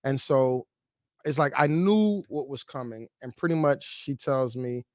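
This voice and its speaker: A man in his thirties from Chicago tells a personal story on a livestream. He speaks in a casual, emotional way, full of "like" and "you know." His voice sits at a middle pitch, and it sounds dry and close to the mic. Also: animated, a little slow, a little mellow, no room sound. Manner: emotional, conversational, many fillers. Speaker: livestream host.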